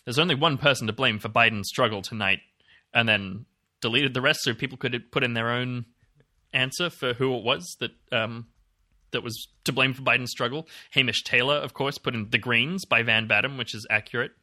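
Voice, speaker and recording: A man's voice: medium pitch, steady tone, normal speed, pushed and bright. A man co-hosting a podcast, rambling in casual chat with lots of fillers and the odd swear word. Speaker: podcast co-host.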